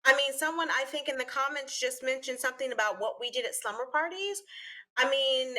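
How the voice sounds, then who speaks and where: Woman co-host, earnest and emphatic, bright voice, a bit high. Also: brisk. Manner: earnest and emphatic, with animated asides. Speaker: talk show co-host. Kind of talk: casual discussion.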